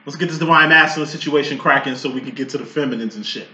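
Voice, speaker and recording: Guy late 30s doing a tarot reading, high voice, cussing and rambling, echoey room. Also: rapid-fire, noisy background. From Chicago. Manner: profane, rambling, bursts into loud outbursts. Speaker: tarot reader. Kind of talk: casual tarot reading talk.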